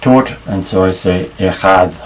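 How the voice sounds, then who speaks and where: A very deep-voiced man talks slowly through a Hebrew language lesson, pausing and restarting as he explains. He sits a little back from the microphone. A faint hiss of room noise runs under his voice. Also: steady tone, distant mic, poor audio. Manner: unhurried, halting, with frequent fillers and restarts. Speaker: Hebrew teacher.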